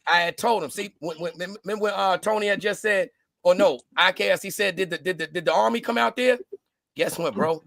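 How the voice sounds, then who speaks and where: A man chatting casually, telling animated stories and acting out the people in them. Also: sits high, a little fast, gravelly, no echo, clean studio sound. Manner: animated storyteller, doing voices. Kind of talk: casual chat.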